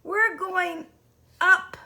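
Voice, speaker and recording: A woman's voice: extremely high pitch, fairly even intonation, drawn-out words, creaky, sharp tone, voice pushed up, heavily acted. A woman voicing an impatient, commanding pair of scissors in a storybook reading, giving curt orders. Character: gruff male scissors, impatient leader.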